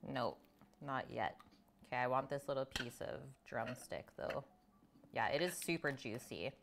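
A woman's voice: rumbling low, lively intonation, a little slow, vocal fry, music in the background. A woman hosting a live cooking stream, chatting casually and reading out viewer comments as she tastes food at home. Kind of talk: casual chat while eating.

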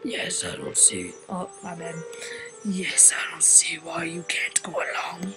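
A woman voicing a frail, grumbling old grandfather in a breathy whispered role-play. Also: on the low side, big pitch swings, measured pace, low-quality recording. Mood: grave. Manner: fussy, grumbling elder. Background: game music.

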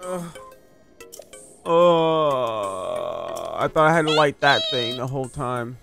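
Over background music, a male gaming host narrates his let's play at a brisk pace, medium-pitched and fairly even in intonation. He sounds exasperated, swearing frequently, muttering, pleading, and repeating words under his breath.

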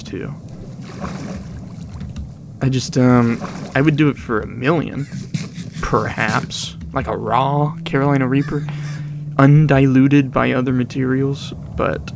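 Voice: mid-range voice, vocal fry, noisy background. A gaming video creator giving rambling, casual commentary over gameplay, with muttered asides that drop to whispers.

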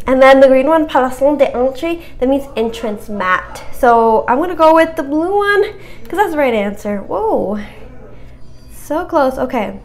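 A cheerful young woman walking through a French vocabulary quiz in a casual, chatty way, encouraging herself and stumbling over hard words. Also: high voice.

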